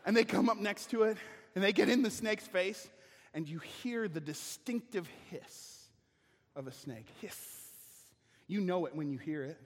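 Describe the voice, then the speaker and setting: A male pastor preaches with animated storytelling and acts out voices and sounds along the way. His voice sits high with a husky edge, and a long reverb from the church hall trails each phrase. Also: moderate pace. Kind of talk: sermon with personal story.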